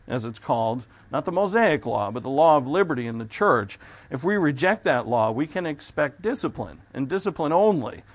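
Male pastor, mid-pitched voice, unhurried sermon delivery with fillers and restarts. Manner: measured preaching with fillers, restarts and throat clearing.

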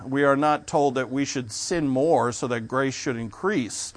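Male pastor, mid-pitched voice, unhurried sermon delivery with fillers and restarts. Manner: measured preaching with fillers, restarts and throat clearing.

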